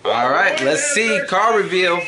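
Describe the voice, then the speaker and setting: A man's voice: high-pitched, animated, unhurried, a loud crowd. A young man reacting to a video in a laid-back way, full of slang and fillers. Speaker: reaction host. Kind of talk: casual reaction commentary. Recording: clear background noise.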